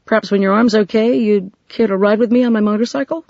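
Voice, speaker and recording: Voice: medium pitch, steady tone, fast, vocal fry, darkish tone, no echo, lo-fi sound, voice pushed up, natural voice. A narrator voicing a shy, admiring young man in an audiobook.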